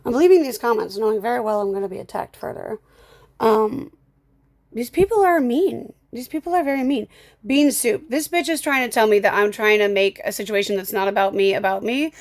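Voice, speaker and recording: A woman's voice: medium pitch, a little fast. A young woman ranting in a screen recording at home, upset and irritated, swearing and muttering to herself as she blocks users. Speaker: content creator. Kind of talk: angry screen-recording rant. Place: home with dogs, construction noise outside.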